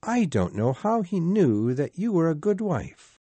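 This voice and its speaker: A man doing a slow, gentle grieving father. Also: fairly high pitch, big pitch swings, slightly rough, dry recording, pitched above the performer's own voice, exaggerated voice. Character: kindly, grief-worn working father. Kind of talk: storybook reading.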